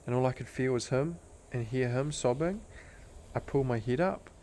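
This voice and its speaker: A man's voice: mid-range voice, moderate pace, darkish tone, a little hiss or hum. A young man, a podcast guest, telling a personal story in an earnest, intense way, full of "like" fillers. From Australia. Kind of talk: casual storytelling interview.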